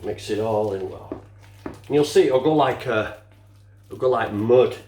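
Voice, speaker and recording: Slow-talking older man cooking. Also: medium pitch, a little mellow. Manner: chatty, casual swearing, mutters while working. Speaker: home cook. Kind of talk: cooking demonstration. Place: home kitchen. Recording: echoey kitchen. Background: clinking dishes and utensils.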